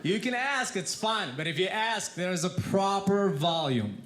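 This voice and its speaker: A man with a foreign accent doing animated stand-up storytelling with deadpan asides on a comedy club stage. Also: high voice, measured pace. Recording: echoey club with loud laughter.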